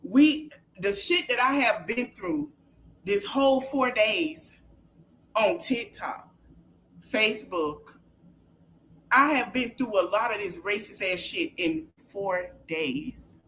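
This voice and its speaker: A woman hosting a podcast livestream, ranting heatedly and profanely, repeating herself and shouting at times. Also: mid-range voice, lively intonation, slow, slight background noise. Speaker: podcast host. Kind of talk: angry livestream rant.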